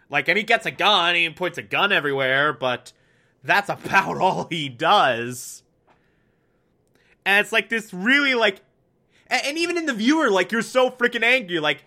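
A man giving a casual, animated TV episode recap, full of fillers and swearing, acting out characters' lines as he goes. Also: high voice, normal speed. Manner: animated, swears, many fillers, acts out quotes. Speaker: TV show reviewer.

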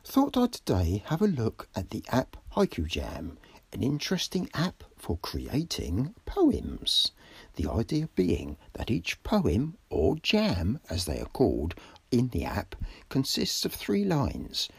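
A woman reading announcements and an app review for a small radio show, slowly and deliberately. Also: very deep voice, huge pitch swings, vocal fry, husky, no echo. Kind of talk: scripted announcing over music. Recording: music bed behind voice.

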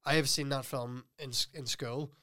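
Man, mid-pitched voice, laid-back casual podcast chat, trails off at line ends. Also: moderate pace. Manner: relaxed, rambling, trailing off quietly. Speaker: podcast co-host.

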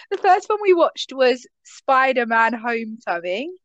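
Young woman, giggly and easygoing, fairly high voice, dry close sound. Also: very animated, takes it slowly, no echo, muffled recording. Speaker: podcast co-host. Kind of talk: casual chat.

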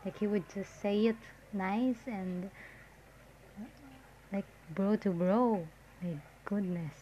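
A Filipino woman with a mid-range voice and steady tone takes her time as she chats casually in a reaction vlog. She fills her commentary with "like" and restarts, and the lo-fi audio sounds dull with faint noise.

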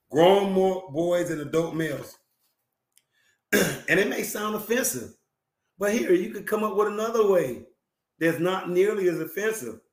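This high-voiced male talk show host delivers emphatic, sermon-like advice about relationships, often repeating himself and clearing his throat. The recording has an echoey room sound.

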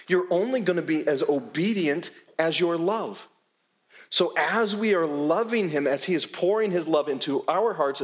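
A male pastor preaching a sermon in a church, with a conversational, emphatic delivery and frequent repeated words. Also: a little high. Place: church sanctuary.

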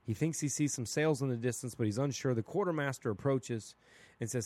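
Blunt, animated man in a dry-sounding podcast. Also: medium pitch, a little fast, no echo. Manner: animated, rhetorical, keeps asking "right?"; casual and blunt, with mild swearing. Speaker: podcast host. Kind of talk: opinionated solo podcast monologue.

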